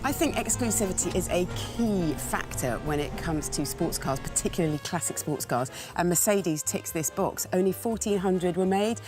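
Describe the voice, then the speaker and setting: A woman's voice: fairly low pitch, expressive, moderate pace, hardly any pauses. A woman giving playful, confident expert comments in an interview. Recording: music bed under voice.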